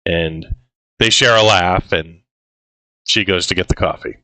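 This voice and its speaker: A man's voice: deep voice, a little slow, pushed and bright, smooth, dry recording, poor audio. A man co-hosting a casual film discussion, recapping scenes in a laid-back way with frequent fillers and quoted lines. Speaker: podcast co-host.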